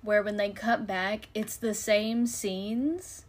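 A woman's voice: medium pitch, steady tone, slow. A woman chatting casually about a movie she just watched. Her delivery is loose and talkative, full of fillers and easy laughter. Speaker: co-host reviewing a movie. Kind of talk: casual chat.

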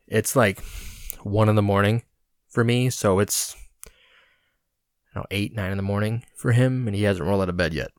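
A man hosting his podcast alone, spinning a casual story with lively, self-mocking energy and loose swearing. His voice sits a little low, and the recording is close and dry with no room sound. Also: no room sound. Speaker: podcast host.

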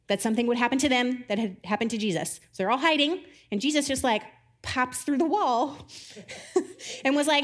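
A woman's voice: a little high, fairly bright tone. A young woman giving a casual sermon, chatty and self-deprecating, laughing often and acting out the people she quotes. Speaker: preacher.

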